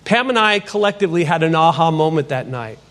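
Animated man telling his testimony, high-pitched. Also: a little fast. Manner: animated storyteller who acts out dialogue. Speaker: potter and ministry speaker. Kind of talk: testimony sermon.

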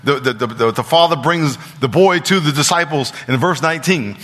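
A man's voice: on the high side, brisk, a bit bright. A man preaching a sermon as pastor, emphatic and repetitive, often stumbling and restarting his words. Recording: long reverb of a large hall.

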